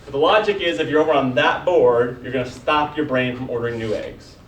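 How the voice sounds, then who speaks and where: A male instructor lectures in a relaxed, conversational way, tossing quick questions at his students. The recording is roomy and distant, picked up from across the classroom with a faint hiss behind him. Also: medium pitch. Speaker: college biology instructor. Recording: echoey classroom recorded from afar.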